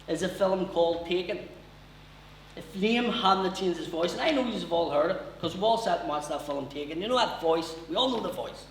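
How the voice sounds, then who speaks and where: A man's voice: high-pitched, normal speed, reverberant, distant mic, a little hiss or hum, low-quality recording. A man with a Northern Irish accent doing a brash, sweary stand-up comedy routine at a live venue.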